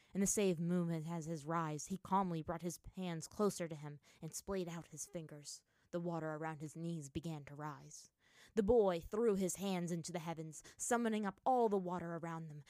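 A woman's voice: lowish voice, a little mellow, dry recording, clean studio sound. A woman reading fan fiction aloud as narrator, with dramatic storytelling.

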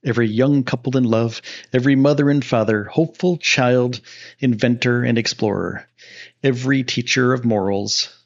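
A man doing an impression of a calm, solemn older male science narrator, speaking slowly in a measured, mellow way. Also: medium pitch, lightly acted. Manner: slow, measured, mellow delivery. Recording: dull lo-fi stream audio.

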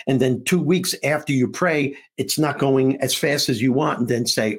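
A man with a slightly rough, husky voice, talking as a guest in an interview. He tells a story with comic timing and jumps in and out of the voices of the people in it, laughing along the way. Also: mid-range voice, moderate pace, hardly any pauses. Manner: acts out dialogue between characters, laughing often. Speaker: guest author and comedian.

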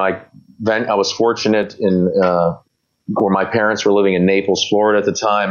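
A low-pitched man recounts stories in a loose, rambling way, with plenty of "you know" and false starts. He slips into quoted voices of the people in his stories. The sound is dull and muffled. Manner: rambling anecdotes with quoted voices, many fillers and restarts. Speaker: guest. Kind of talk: casual storytelling interview.

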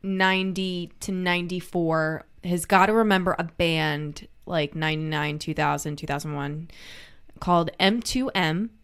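Smooth-voiced woman with a mild Southern accent. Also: fairly low pitch, fairly even intonation, moderate pace. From American South. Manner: chatty, laughs often. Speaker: podcast co-host. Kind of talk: casual chat.

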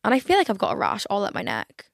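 A woman's voice: medium pitch, wildly swooping pitch, quick pace, gravelly, dry recording, studio quality. A young woman in her twenties hosting a podcast, chatting casually with lots of fillers and casual swearing. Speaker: podcast host. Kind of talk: casual solo chat.

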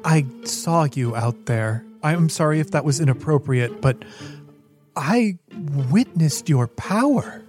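A man's voice: on the high side, animated, slow, darkish tone, soft background music. A man voicing a devout, earnest woman priest who speaks with reverent fervor. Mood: fervent. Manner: reverent, fervent.

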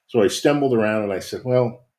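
A man's voice: lowish voice, normal speed. A man co-hosting a podcast, chatting casually and rambling about a new hobby with lots of fillers. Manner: rambling, relaxed, many fillers. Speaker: podcast co-host. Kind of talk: casual chat.

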